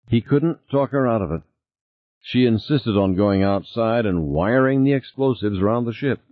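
A man reading a suspense novel aloud in a deep, husky voice. His delivery is expressive, moving widely in pitch, and the sound is tinny and narrow. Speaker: audiobook narrator. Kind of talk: scripted narration. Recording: tinny lo-fi recording.

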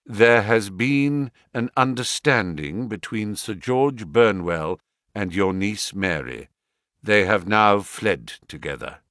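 Male reader as a self-assured detective, measured, authoritative delivery, lively intonation, dry studio. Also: fairly low pitch, no echo. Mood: composed. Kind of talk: audiobook character reading.

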